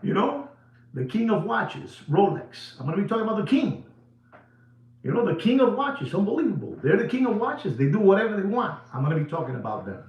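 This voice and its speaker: Emphatic watch dealer host, echoey room. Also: male voice, sits high, big pitch swings, lo-fi sound. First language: Spanish. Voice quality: emphatic, repetitive, drawn-out phrasing. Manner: addresses viewers as ladies and gentlemen. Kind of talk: casual monologue to viewers.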